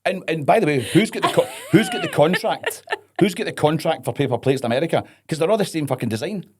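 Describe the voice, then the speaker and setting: A man's voice: a little high, big pitch swings, quick pace, slight background noise. Swearing Scottish man ranting comically. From Scotland. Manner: ranting, profane, comic exasperation. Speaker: podcast guest, wrestler. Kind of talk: casual chat.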